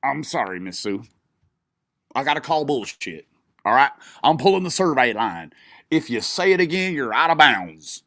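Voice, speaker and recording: A man's voice: medium pitch, big pitch swings, moderate pace, bright, forceful tone, dry recording. A man giving profane, mocking commentary on a stream he is watching, often breaking into laughter. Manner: mocking, swearing, frequent laughing. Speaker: streamer reacting to a live video.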